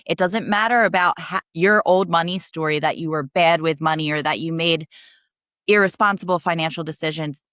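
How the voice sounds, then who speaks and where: A young woman guest on a coaching podcast, earnestly telling a personal story with emotional rushes of speed. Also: fairly low pitch, fairly bright tone, dry recording, studio quality.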